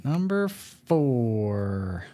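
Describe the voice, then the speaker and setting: A woman's voice: a bass voice, big pitch swings, extremely slow, warm tone. A woman co-hosting a podcast in casual chat, blunt and dry, swearing casually. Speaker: podcast co-host.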